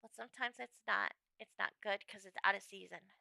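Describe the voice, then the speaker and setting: A woman's voice: medium pitch, a little fast, vocal fry, bright, forceful tone, no echo. A young woman from the United States chatting casually with her stream viewers, bubbly and rambling with lots of "like"s. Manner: bubbly, chaotic, rambling with many "like"s. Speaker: livestreamer.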